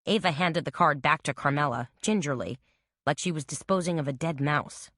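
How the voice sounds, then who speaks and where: A woman reads a mystery audiobook in an even, measured way. Her voice is low and the sound is dry and close, with no room around it. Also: no echo. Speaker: narrator. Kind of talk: audiobook narration.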